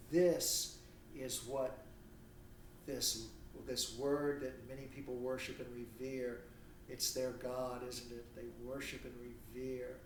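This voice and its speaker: In a recorded university lecture, a man of medium pitch poses rhetorical questions and acts out imagined dialogue. The room is echoey, the mic sits at a distance, and there's slight background noise.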